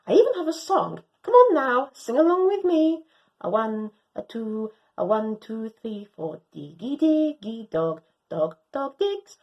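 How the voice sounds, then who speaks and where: Woman voicing a proud young Doberman girl, storybook, high and swooping, theatrical. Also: very animated, unhurried, highs cut off. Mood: cheerful. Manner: theatrical, swooping pitch, grand old-fashioned phrasing. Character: excitable proud young female Doberman dog. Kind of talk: storybook reading.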